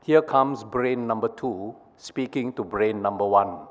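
A male pastor giving a prayer and sermon in a measured, storytelling way. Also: on the low side. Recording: long reverb of a worship hall.

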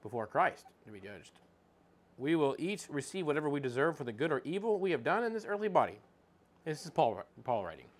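A man with a fairly high, very animated voice talks at a quick pace. He gives an informal, conversational Bible teaching, reading scripture aloud and looking up verses mid-talk.

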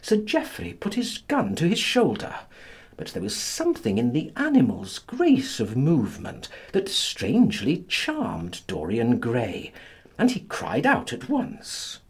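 A man narrating a classic novel as an audiobook in a dramatic, expressive manner. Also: a little high, measured pace, slightly rough.

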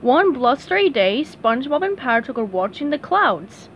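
A woman reading a children's storybook aloud with animated, expressive narration. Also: high-pitched, normal speed, hardly any pauses, a little hiss or hum. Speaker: storybook reader.

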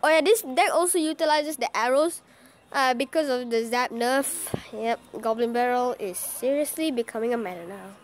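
A woman giving excitable live commentary over her own card-battle game, cheering and groaning at every play. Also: a little high, moderate pace. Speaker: gaming channel host.

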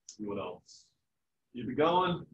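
A man's voice: medium pitch, sing-song, measured pace, a little hiss or hum. Man, biology teacher, casual joking lecture, roomy classroom echo, distant dull sound. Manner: casual, joking, acts out family voices.

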